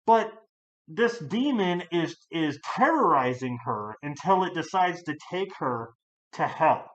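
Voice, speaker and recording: A man's voice: a little high, a little slow, lo-fi sound. Chatty man rambling through a movie review. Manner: rambling, many fillers and restarts; animated, jumps to loud outbursts. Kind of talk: casual spoken movie review.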